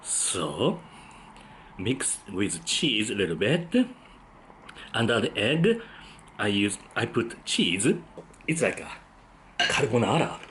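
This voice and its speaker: A man's voice: fairly low pitch, big pitch swings, slow pace, pauses often, a bit bright, slight background noise. A man, hosting a food vlog and tasting his dinner with frequent appreciative hums. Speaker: food vlogger. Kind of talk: casual tasting commentary.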